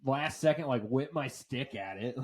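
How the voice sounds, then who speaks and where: A man's voice: medium pitch, expressive, unhurried, darkish tone. A man co-hosting a podcast, telling rambling stories full of fillers and swearing, and laughing often. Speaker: podcast co-host. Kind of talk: casual chat.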